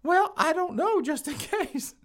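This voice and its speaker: A shrill, frantic woman squeals in a high, wildly swooping voice, as a male podcast host puts her on. Her pitch leaps all over the place as she speaks. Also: expressive, measured pace, a bit bright, exaggerated voice. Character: flustered shrill woman, burglary victim.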